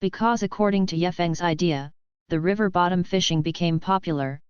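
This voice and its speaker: A woman reading an audiobook novel aloud in an even, steady scripted narration. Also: on the low side, fairly quick, clean tone, no room sound, highs cut off.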